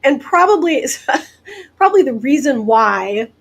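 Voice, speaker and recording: A woman from the American Deep South, a guest hypnotist telling stories in a casual interview, chatty and quick to laugh. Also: vocal fry, low-quality recording. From Deep South, United States. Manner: chatty, laughs often, lively asides.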